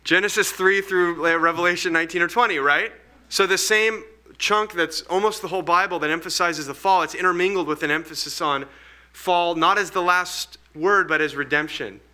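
A man's voice: sits high, normal speed, bright, forceful tone. A man leading a group Bible study, earnest and explanatory, thinking aloud as he teaches.

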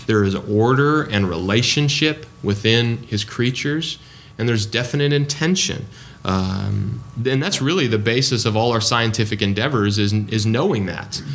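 A man's voice: fairly low pitch, moderate pace, a bit bright. A man preaching a sermon in a conversational way, with frequent ums and restarts.

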